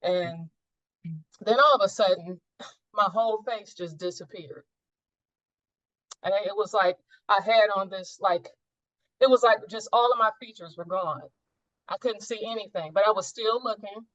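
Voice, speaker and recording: A woman's voice: medium pitch, normal speed, long pauses, fairly bright tone, dry recording. A woman sharing a personal spiritual experience in a coaching session, earnest and searching, often rephrasing mid-thought. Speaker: coaching client. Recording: dull, dry recording.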